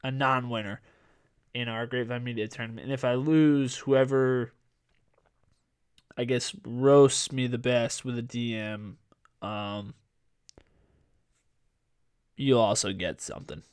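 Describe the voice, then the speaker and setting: A man in his twenties hosting a sports podcast in casual chat, rambling with lots of fillers and restarts, his voice going a bit hoarse. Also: mid-range voice, fairly even intonation, slow, pauses often. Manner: rambling, filler-heavy, self-correcting. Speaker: podcast host.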